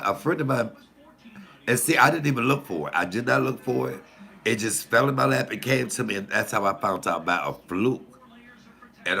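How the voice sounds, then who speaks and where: Comedian host, male, gravelly and bright, cussing freely as he tells stories to camera. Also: medium pitch. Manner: profane, animated, confiding. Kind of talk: casual storytelling to camera.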